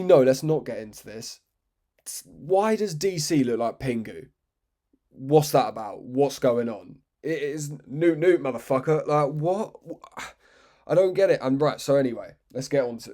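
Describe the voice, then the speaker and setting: Mellow-voiced man, off-the-cuff vlog rant, sarcastic and sweary, keeps derailing himself. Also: medium pitch. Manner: rambling, swearing, self-interrupting. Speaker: MMA commentary vlogger. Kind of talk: unscripted ranting commentary.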